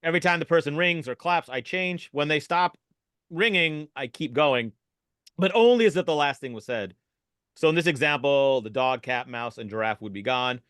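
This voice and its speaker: A man, a podcast guest and improv keynote speaker, explaining an exercise with animated energy over a video call. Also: on the high side, smooth, no room sound. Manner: animated, fast-talking.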